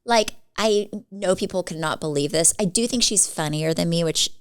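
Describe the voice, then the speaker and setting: This podcast co-host, a woman in her forties, has a clear, resonant voice on the low side and talks at a normal speed. Chatting casually, she rambles through stories with filler words, "like" most of all.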